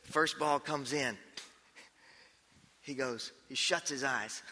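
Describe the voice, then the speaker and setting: A man preaching a sermon, telling a story in an animated way, acting out the scene with frequent restarts. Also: medium pitch, takes it slowly, big-room sound, background noise.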